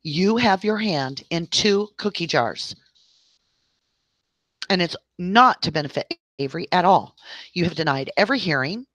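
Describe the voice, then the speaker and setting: A woman's voice: fairly low pitch, expressive, unhurried, fairly bright tone, dry recording. A woman hosting a livestream, ranting at length in an exasperated voice and talking straight to her viewers. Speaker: livestream host.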